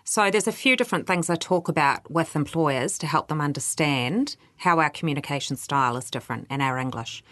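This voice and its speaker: Low-voiced New Zealand woman explaining. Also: a little fast, few pauses, fairly bright tone, no room sound, studio quality. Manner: explanatory, quotes others in livelier voices. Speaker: workplace culture adviser. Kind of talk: interview answers.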